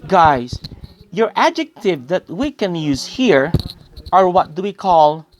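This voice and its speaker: A young woman teaches English grammar in a recorded lesson. She talks slowly, her pitch swinging widely as she quizzes her listeners and calls them guys. Her voice sits a little low for a woman. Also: very animated, highs cut off, background noise. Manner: explains with quiz-like questions and addresses listeners as guys.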